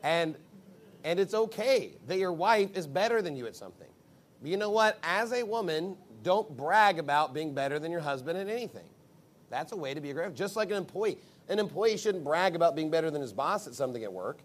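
Animated man preaching to wives. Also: a little high, fairly quick. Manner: animated, acts out quoted voices. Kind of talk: sermon-style advice talk.

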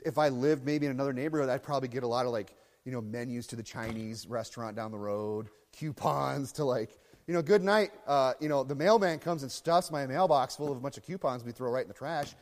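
A man preaching a sermon as pastor, swinging between low muttering and loud shouting. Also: fairly quick, few pauses, in a large hall.

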